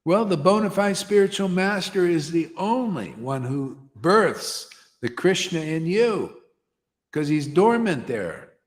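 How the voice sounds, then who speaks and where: A high-voiced man preaching in a loose, slangy way, tripping over his words and circling back. His voice carries a long hall reverb. The delivery is informal and unscripted. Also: sing-song, takes it slowly. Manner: rambling, slangy, repeats and stumbles. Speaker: spiritual teacher. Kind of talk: informal devotional sermon.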